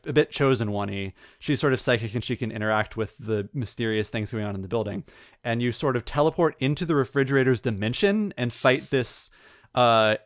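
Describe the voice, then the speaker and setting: A man co-hosting a gaming podcast, recounting a video game story in a rambling, animated way. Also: mid-range voice, no echo, studio quality. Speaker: podcast co-host. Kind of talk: casual chat.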